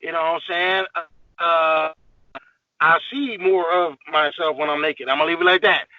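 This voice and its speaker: A man's voice: on the high side, normal speed, no echo, narrow, tinny audio. A man guest on a podcast, ranting in a heated, profane, emphatic way in casual talk.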